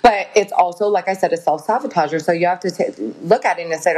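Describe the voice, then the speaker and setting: A woman guest on a podcast, talking in a casual, animated, emphatic way, preaching about self-healing and swearing casually. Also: lowish voice, quick pace.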